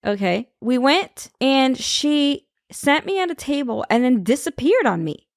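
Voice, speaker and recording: A woman's voice: sits high, big pitch swings, measured pace, no room sound, studio quality. A woman guest on a podcast, telling a personal story in casual conversation and acting out the people she quotes.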